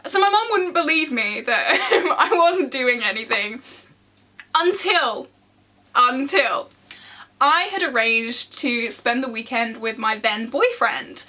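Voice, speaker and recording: A bright, high-voiced young woman in her twenties sits indoors and tells a casual storytime to a camera. She is animated and laughs often, and she acts out the quoted dialogue in her story. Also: slow. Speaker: vlogger. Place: indoor room, seated.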